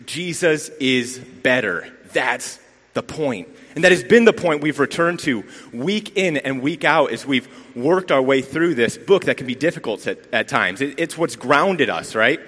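A man's voice: medium pitch, animated, measured pace, fairly bright tone. A man giving a sermon as a lay preacher, telling rambling stories with self-deprecating humor, recorded in a church sanctuary. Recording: long reverb of a church hall.

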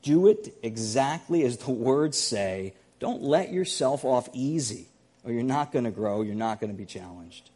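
A man's voice: medium pitch, expressive, measured pace, mellow, slightly rough. A pastor giving a sermon, earnest and emphatic, often repeating his key phrases.

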